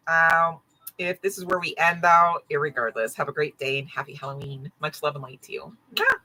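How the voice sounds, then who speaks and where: Woman, tarot reader, live-stream reading, chatty, lower pitch, bright tone. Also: little pitch movement, a little fast, poor audio. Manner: chatty, peppered with "right?" and "okay?". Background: dogs barking.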